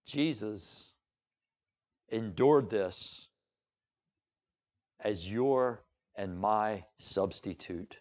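A male pastor preaching a sermon dramatically, moving between hushed and emphatic delivery. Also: lowish voice, very slow, pauses often.

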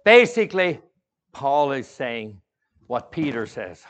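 A middle-aged man preaches a sermon in a mid-range voice. He tells stories with sudden swings between quiet, soft lines and loud bursts. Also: mid-range voice, sing-song, slow. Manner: storytelling with big swings from hushed to loud. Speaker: pastor.

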